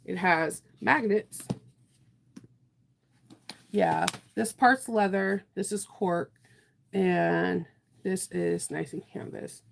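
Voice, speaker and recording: A woman with a low voice and a gravelly fry chats casually while hosting her sewing livestream. She laughs often and answers viewers' comments as she works. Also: drawn-out words, pauses often, slight background noise.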